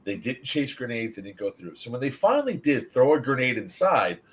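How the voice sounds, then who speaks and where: A man's voice: mid-range voice, fairly quick. A man hosting a casual review stream, telling stories with lots of swearing. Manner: animated, swears freely, storytelling.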